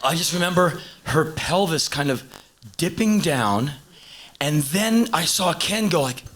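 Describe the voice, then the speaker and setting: Animated male stand-up storyteller. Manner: animated, swings from loud exclaiming to low muttering; hurried asides and shouted punchlines. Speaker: stand-up comedian. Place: live stage before an audience. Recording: hissy low-quality VHS concert tape.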